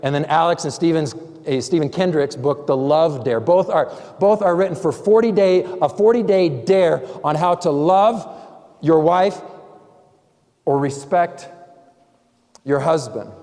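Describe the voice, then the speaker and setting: Male pastor, slightly high voice, chatty sermon delivery, long church reverb. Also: measured pace, mellow. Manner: conversational preaching with acted-out quotes. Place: church sanctuary.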